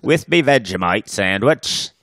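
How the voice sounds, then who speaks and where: A goofy bushman with a mock Australian accent, put on by a man, drawling slowly and hamming it up. The pitch sits high above the performer's usual deep voice. The recording is close and dry. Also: expressive, bright, forceful tone, no room sound, full character voice. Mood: goofy hammy. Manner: drawling, hammy. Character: goofy male bushman lounging on a boat.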